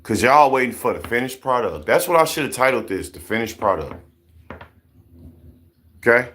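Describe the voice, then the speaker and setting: Animated man preaching at his viewers. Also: mid-range voice, normal speed, a little hiss or hum. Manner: animated, repetitive, rhetorical questions. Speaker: commentary vlogger. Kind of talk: casual preachy commentary.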